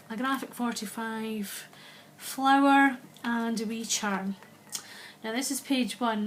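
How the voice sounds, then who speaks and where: A Scottish woman casually walking through her handmade album, chatty and unhurried, often pausing to find the right word. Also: a little high, slight background noise. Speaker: crafter showing a handmade album. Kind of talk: casual show-and-tell walkthrough.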